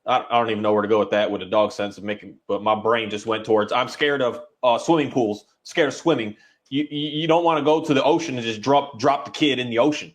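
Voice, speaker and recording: A man who works as a dog trainer, talking in a casual, rambling and halting way, now and then voicing his dog's thoughts. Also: medium pitch. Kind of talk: casual conversation.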